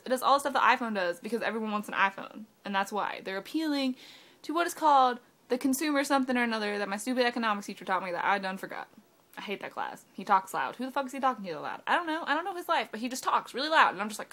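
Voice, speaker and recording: A woman's voice: medium pitch, lively intonation, brisk, a bit bright. A teenage girl ranting sarcastically into her phone camera, swearing a lot and saying "like" constantly. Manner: sarcastic, profane, valley-girl filler "like". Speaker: vlogger. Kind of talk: ranting webcam vlog.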